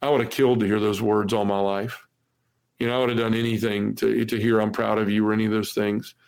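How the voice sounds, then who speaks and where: A man's voice: fairly low pitch, level tone, fast talker, gravelly, a little mellow. A man in his forties, a podcast guest, telling a personal testimony in an earnest way, peppered with "you know", acting out the lines of people in it. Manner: acts out quoted dialogue.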